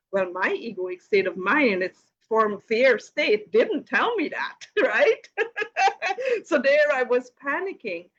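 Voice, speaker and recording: A woman's voice: fairly high pitch, very animated, slow pace, a bit bright, lo-fi sound. A woman hosting a live question-and-answer session, telling a personal story casually with many "you know" fillers and light laughs. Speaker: host of a live Q and A.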